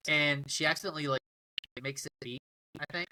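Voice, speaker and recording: A man's voice: on the high side, steady tone, a little fast, pushed and bright, poor audio. A man co-hosting a podcast, casually and agreeably retelling the plot of a TV episode. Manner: laid-back, agreeable, swearing in passing. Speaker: podcast co-host. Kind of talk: casual chat recapping a TV episode.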